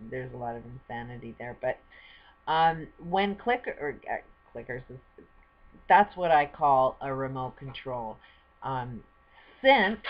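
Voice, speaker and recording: A woman's voice: extremely low pitch, highs cut off, slight background noise. An older woman vlogging at home, chatting to camera in a rambling way and laughing often. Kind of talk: casual chat to camera. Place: at home with a pet bird.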